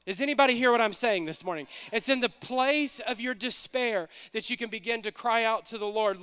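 A male pastor preaching a sermon in a church, with an impassioned, repetitive cadence and slowed, emphatic lines. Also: very high voice, pushed and bright, clear, resonant tone. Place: church sanctuary. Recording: long hall reverb.

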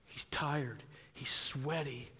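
A man from southwest Wisconsin preaching a sermon, calling for amens and rising to shouts. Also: mid-range voice, slow pace, husky. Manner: animated preaching, calls for amens, shouts at peaks. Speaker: pastor. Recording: long hall reverb.

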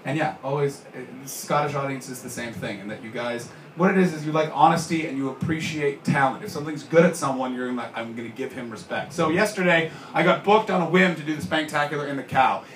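On a club stage, a Canadian stand-up comedian tells a story, sometimes shouting the lines of its characters. His fairly high voice moves fast with hardly any pauses, heard from a distance in a roomy live space with plenty of background noise.

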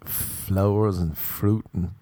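A man's voice: sits low, steady tone, slow pace, warm tone, no room sound. A male comedian telling rambling, self-mocking stories in a laid-back, casual monologue.

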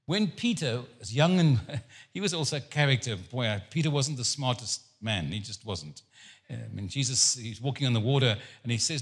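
A man preaching a sermon as a guest speaker, telling stories with jokes and an animated, lively delivery. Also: mid-range voice, moderate pace. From Jewish background. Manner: animated, joking storyteller.

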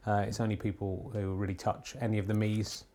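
Rambling deadpan mock sports commentator man. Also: on the low side, slight background noise. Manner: rambling, many filler pauses; deadpan ironic humour. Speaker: podcast host. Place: home TV room.

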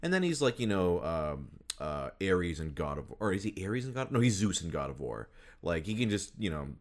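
Very deep-voiced man chatting casually. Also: sing-song, normal speed. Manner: rambling, many fillers and restarts. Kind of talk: casual chat about voice actors.

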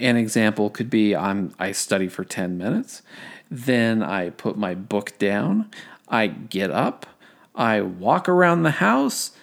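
A man's voice: on the low side, gravelly. A young man hosting a casual study-tips podcast, rambling and self-deprecating, full of fillers and restarts. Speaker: podcast host.

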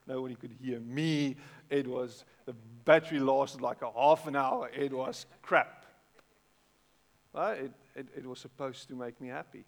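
A middle-aged man with a South African accent, preaching a sermon in a conversational way, repeating words and breaking into animated bursts. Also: medium pitch, a little slow, gravelly. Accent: South African English. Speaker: pastor. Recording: long hall reverb.

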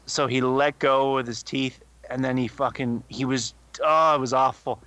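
A man's voice: medium pitch, steady tone, normal speed, pushed and bright, no echo. A young man co-hosting a podcast, telling a rambling story full of swearing. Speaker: podcast co-host. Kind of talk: casual chat.

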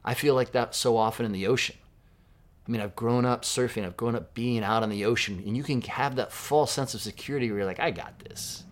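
A man from Southern California preaching a sermon in a conversational, reflective way, dropping to a hush for quoted words. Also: medium pitch, a little fast. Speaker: pastor.

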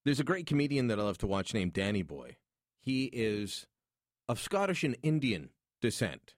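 A man hosts a call-in show with lively, swooping intonation, joking and opinionated. The sound is close and dry from a studio microphone, with no room around him. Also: mid-range voice, moderate pace, no echo. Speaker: radio talk show host. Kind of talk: call-in talk radio. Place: radio studio.

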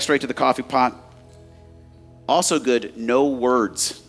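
A man's voice: mid-range voice, steady tone, a little slow, faint music behind. A man in his forties preaching a sermon as a pastor, telling candid, self-mocking stories and addressing the crowd as guys.

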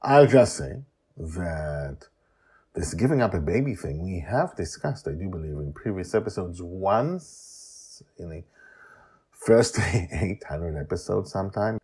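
Deep, husky man narrating a story podcast. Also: a little mellow.

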